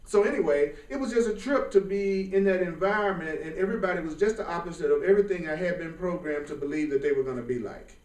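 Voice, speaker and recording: A man giving an informal spiritual class, talking in a lively, colloquial way and often laughing. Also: high-pitched, fast talker, few pauses. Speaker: spiritual teacher. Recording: roomy sound from a distant mic.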